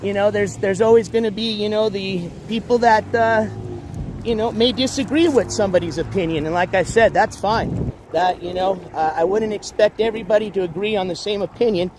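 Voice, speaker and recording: Out walking dogs beside traffic, a man runs a casual walk-and-talk YouTube livestream, talking a little fast and stumbling through "uh"s and restarts. His voice is high, and background noise fills the audio.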